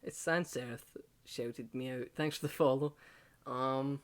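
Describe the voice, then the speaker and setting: A man hosting a casual podcast, swearing freely and laughing often, with quick asides to his guest. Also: medium pitch, fairly even intonation. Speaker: podcast host. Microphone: video call setup.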